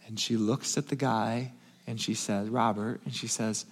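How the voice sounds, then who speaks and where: A male pastor preaching, telling a story in a hushed, tender voice and then building to emphatic calls. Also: on the low side, steady tone, unhurried. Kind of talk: sermon storytelling.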